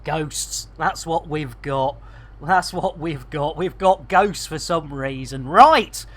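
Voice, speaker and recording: A woman chatting casually and jokily to her viewers while she plays a game live, full of slang and quick to laugh. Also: low voice, a bit bright. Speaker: game streamer. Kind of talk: casual live-stream chat while playing.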